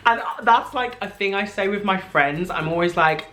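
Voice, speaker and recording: A man's voice: high voice, brisk, hardly any pauses, bright, forceful tone. Gushing young man telling a story. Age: 20s. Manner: gushing, breathless retelling full of "like" and "I was like". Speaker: vlogger. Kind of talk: excited personal storytelling.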